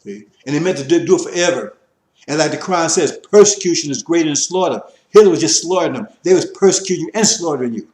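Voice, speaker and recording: A man giving an impassioned religious lecture, preachy and repetitive, rising to forceful emphasis. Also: a little high, lively intonation, fast talker, reverberant. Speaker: religious teacher.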